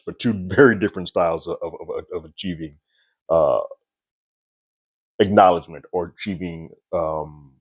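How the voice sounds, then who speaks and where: A man's voice: deep voice, darkish tone. A man casually recapping a TV episode, talking loosely with lots of "like" and restarts. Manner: loose, chatty retelling with frequent "like" and restarts. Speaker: TV reviewer.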